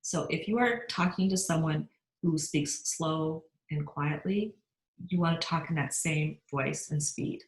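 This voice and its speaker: A middle-aged woman with a somewhat low voice gives an upbeat sales training talk. She often turns to her listeners with questions. The sound has a roomy echo around it. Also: measured pace. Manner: upbeat, asks the audience questions.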